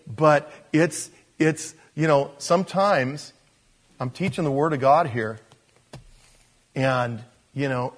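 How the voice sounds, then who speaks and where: Male pastor, husky voice, animated sermon delivery, loud-to-soft swings. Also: medium pitch.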